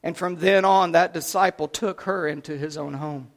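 A man preaching a sermon, retelling a scripture story dramatically, swinging between loud and hushed delivery. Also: a little high, fairly even intonation, moderate pace.

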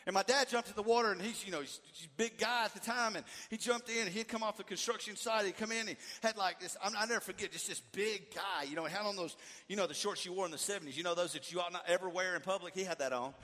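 A middle-aged man preaching a sermon, animated and swinging from loud to hushed. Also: sits high, quick pace. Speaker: pastor. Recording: echoey hall.

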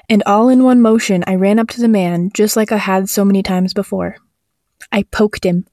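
A woman tells a first-person horror story at a medium pitch, measured and tense. Her voice is close and dry, with no room sound around it. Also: mellow, no room sound. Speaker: narrator.

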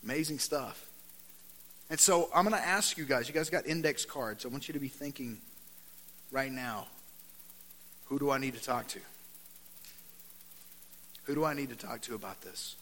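A man preaching a conversational sermon. He keeps saying "man" and "right?", drops to a quiet, earnest tone, then turns loud and animated when he reads scripture. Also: medium pitch, moderate pace, long pauses, long reverb tail. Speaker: pastor.

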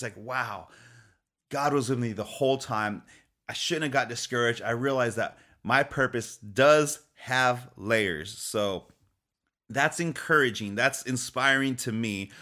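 A man's voice: medium pitch, a bit bright. A man giving an upbeat, motivational faith talk, encouraging his listeners, repeating key phrases and often chuckling as he speaks.

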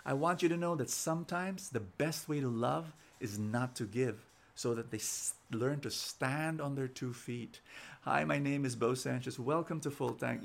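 A man's voice: mid-range voice, creaky. A man, preaching an inspirational sermon and telling stories, often repeating words as he starts sentences. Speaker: preacher and show host.

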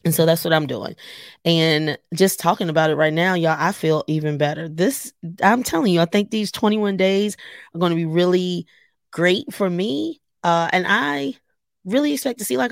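A woman's voice: on the low side, gravelly, no echo. Woman podcast host, middle-aged, chatty and candid, encouraging listeners, on the way to a game, close dry sound. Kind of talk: casual personal podcast monologue. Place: in a car on the way to a game.

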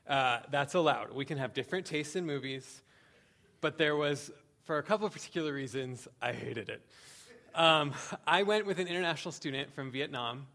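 A man preaching a sermon, speaking earnestly with slow, emphatic pauses and frequent "um"s. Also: on the high side, pushed and bright. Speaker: pastor.

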